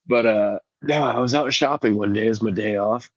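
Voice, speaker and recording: A man's voice: lowish voice, a little fast, no room sound, lo-fi sound. A man who is sick, co-hosting a podcast and telling profane, laid-back stories in casual chat. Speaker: podcast co-host.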